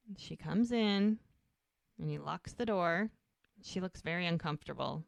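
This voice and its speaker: A woman's voice: fairly low pitch, moderate pace, vocal fry, no echo, clean studio sound. A woman co-hosting a podcast, casually recapping a scene and acting out the characters' lines. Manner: retells scenes, acting out dialogue. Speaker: podcast co-host.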